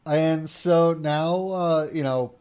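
A man's voice: on the high side, slow, a little mellow, clean tone. A man hosting a podcast, casually recapping an episode in a chatty storytelling way and laughing often. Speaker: podcast host.

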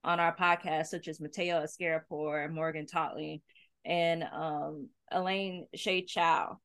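A woman hosting a podcast, asking an author measured questions and affirming his points. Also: low voice, level tone, a bit bright, smooth, no echo. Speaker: podcast host. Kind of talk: interview questions.

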